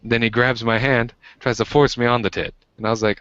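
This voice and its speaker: Young american guy telling a bar story on a stream, really deep voice, does the voices, kinda muffled audio. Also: quick pace, few pauses, no echo. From United States. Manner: animated, acts out quoted voices with pitch jumps. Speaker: podcast co-host. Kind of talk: casual storytelling chat.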